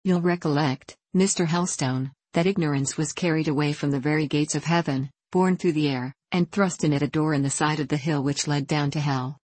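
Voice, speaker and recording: A woman reading an audiobook, voicing a blunt older countryman with slow, broad dialect speech. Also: low-pitched, steady tone, darkish tone, no echo. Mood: gruff.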